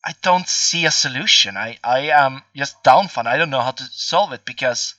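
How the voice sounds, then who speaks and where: A man's voice: mid-range voice, moderate pace, sharp tone, dry recording, distant mic, dull audio. A man in his twenties chatting casually as a podcast host, rambling and swearing with many fillers. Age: 20s. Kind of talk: casual chat.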